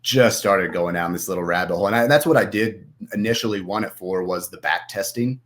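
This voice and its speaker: A man with a very low, deep voice talks casually on a podcast. He rambles and drifts into acting out the voice in his own head. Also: fairly quick, a bit bright. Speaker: podcast guest, trader.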